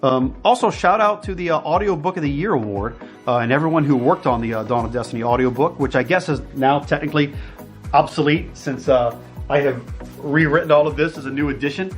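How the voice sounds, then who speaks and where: A middle-aged man talks straight to camera in a relaxed vlog, chatty and self-deprecating, tossing in playful asides. His voice sits a touch higher than most men's, with faint music behind him. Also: fairly quick. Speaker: author promoting his book series. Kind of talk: casual direct-to-camera vlog.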